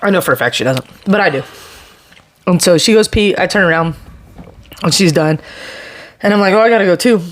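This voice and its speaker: A woman's voice: lowish voice, fairly quick, pauses often. A young woman co-hosting a podcast, telling a story in casual chat, swearing a lot and laughing as she goes, talking while she chews food. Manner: talks while chewing spicy food. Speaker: podcast co-host.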